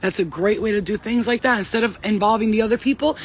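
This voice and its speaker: A woman giving casual spiritual advice as a vlogger, blunt and profane, telling stories in an animated way. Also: mid-range voice, fast talker, slightly rough. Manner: blunt, profane, streetwise talk; animated storytelling.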